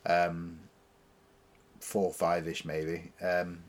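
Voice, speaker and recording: A young man in casual chat, rambling through stories with many fillers and getting loud when excited. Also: low-pitched, drawn-out words. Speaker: podcast co-host.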